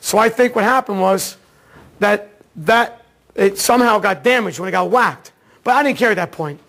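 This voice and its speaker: A man teaching an automotive diagnostics seminar, telling a case story in a casual, excitable way and acting out the dialogue. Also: high voice, normal speed, creaky. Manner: casual slangy talk, repeats words. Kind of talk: seminar lecture.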